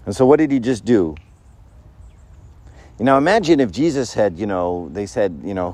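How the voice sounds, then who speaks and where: A man giving a conversational Christian sermon, full of rhetorical questions and quick asides. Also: on the low side, warm tone. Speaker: Christian preacher.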